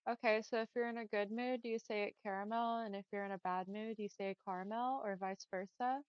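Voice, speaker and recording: With a mid-range voice, fairly even intonation and a fast pace, a young Texan-accented woman chats with her viewers as she games, often saying "y'all" and "like." The tone is clean with no echo, though the audio is dull.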